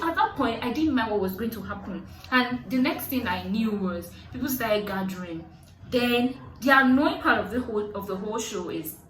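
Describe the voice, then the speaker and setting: Nigerian lady vlogging, bright sharp voice, acting out the quotes loud and high, kinda far off in a roomy echo. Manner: acts out quotes with sudden high-pitched outbursts. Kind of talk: animated storytelling. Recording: echoey room, voice set back from mic.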